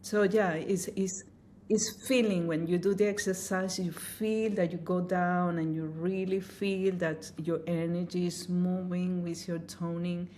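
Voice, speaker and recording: A woman sound healer talks slowly and gently, her voice sitting a little low. She speaks earnestly and with feeling, and a faint hiss sits under her voice. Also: level tone. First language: Spanish. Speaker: sound healer and opera singer. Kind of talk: interview answers.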